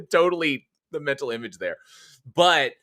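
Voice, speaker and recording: A man's voice: high-pitched, fairly bright tone, dry recording, clean studio sound. A man hosting a horror podcast in casual live chat, rambling and chuckling as he reads viewer comments. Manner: rambling, chatty, many restarts and chuckles. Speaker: podcast host.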